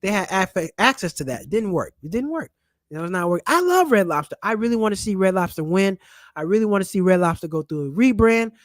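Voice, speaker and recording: A man hosting a casual money-saving vlog, loud, animated and slangy, joking his way through a list of tips while seated at home. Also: high voice, brisk, no echo, studio quality. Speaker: channel host and comedian. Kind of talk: casual personal finance vlog rant. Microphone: camera mic.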